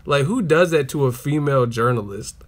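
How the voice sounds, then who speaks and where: A man's voice: mid-range voice, expressive, a little fast. A man hosting a live stream, reacting to clips with profanity and laughter. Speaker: boxing channel host. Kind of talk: casual live-stream commentary.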